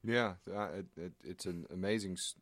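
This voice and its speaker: A man hosts a casual faith conversation, affirming his guest and offering thoughtful reflections. His voice is very deep. The sound is dry and close. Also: moderate pace, fairly bright tone, no echo.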